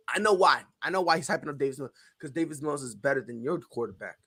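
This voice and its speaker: A man hosting a sports talk show, joking loudly and acting out little scenes as he argues. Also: fairly high pitch, animated, fast, few pauses, slightly rough. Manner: loud, joking, acts out voices. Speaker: show host.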